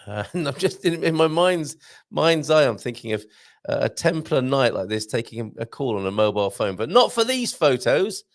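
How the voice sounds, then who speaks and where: A man's voice: medium pitch, big pitch swings, moderate pace, dry recording, studio quality. A man hosting a live show in a casual, jokey way, reading out viewer comments and adding chatty asides. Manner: chatty, jokey, reads messages aloud with asides.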